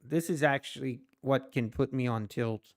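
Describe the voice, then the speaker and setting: A man livestreams his day trading, chatting casually with his viewers in an animated, self-mocking way and exclaiming in disbelief. His voice is mid-range and he talks at a normal speed.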